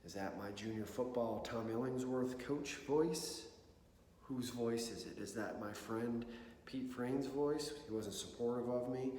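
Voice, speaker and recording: A man's voice: on the low side, slight background noise. A man giving a conversational talk to an audience on mental preparedness, often checking in with "okay?" and "right?". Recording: echoey hall with long reverb.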